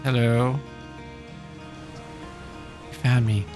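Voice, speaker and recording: A man's voice: mid-range voice, level tone, drawn-out words. A man with a mid-range voice livestreams a game, rambling casually to chat and laughing often. Faint music plays behind him. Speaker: game streamer. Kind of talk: casual live-stream chat while gaming.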